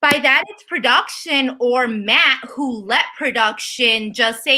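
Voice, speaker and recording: A woman co-hosting a casual recap chat, ranting animatedly and mocking people with quick impressions. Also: high voice, pushed and bright. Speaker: podcast co-host.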